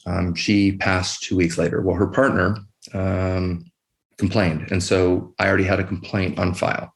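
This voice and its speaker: A middle-aged man, an emergency physician, telling a personal story as a podcast guest in a quiet, measured way with many pauses. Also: sits low, level tone, gravelly.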